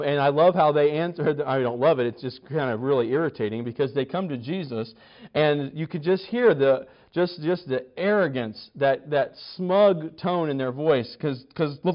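Man leading a bible study, fairly high voice, wry and chatty, stumbles and restarts, slightly dull lo-fi recording. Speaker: Bible teacher. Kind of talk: conversational Bible study teaching.

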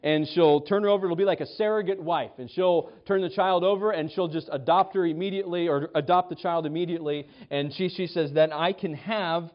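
A man's voice: high voice, steady tone, fairly quick, hardly any pauses. Man preaching conversationally, lo-fi. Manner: conversational preaching with frequent restarts and acted quotes. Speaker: pastor. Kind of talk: sermon. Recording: dull lo-fi sound.

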